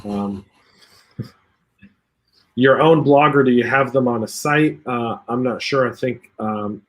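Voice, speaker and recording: A man's voice: medium pitch, slow pace, a bit bright. A man hosting a casual livestream over a video call, reading out viewer comments and joking along with the panel. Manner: chatty, reads viewer comments aloud, jokey. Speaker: podcast host reading live chat.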